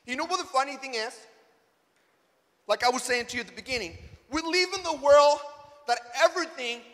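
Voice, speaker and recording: A man giving a school chapel sermon, telling a personal story in an animated way and acting out the dialogue. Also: very high-pitched, brisk. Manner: animated, acts out dialogue, rising to near shouts. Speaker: chapel speaker. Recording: echoey hall reverb.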